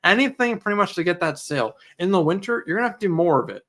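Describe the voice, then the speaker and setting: A man co-hosting a casual podcast, telling lively stories and acting out customer conversations. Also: high-pitched, racing. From Canada. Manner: animated storyteller, acts out customer dialogue. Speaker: podcast co-host, auto detailer.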